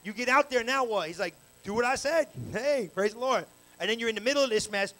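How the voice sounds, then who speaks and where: A male pastor preaching a live evening sermon in church on a handheld mic, animated and colloquial with call-and-response. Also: high-pitched, fast talker, rough recording. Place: church sanctuary, live service. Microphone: handheld microphone.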